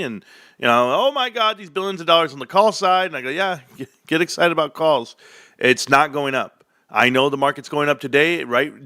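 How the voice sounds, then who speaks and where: A young adult man from the United States, hosting a casual livestream rant, swinging from low mumbles to loud outbursts. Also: no echo, studio quality. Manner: animated, swings from mumbling to near shouting. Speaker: livestream host.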